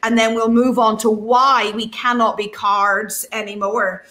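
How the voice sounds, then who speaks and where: A woman's voice: fairly high pitch, little pitch movement, a little slow, pushed and bright. A woman with a Northern Irish accent hosting a live ministry broadcast, chatting and laughing, then preaching with emphasis. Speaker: host, preacher.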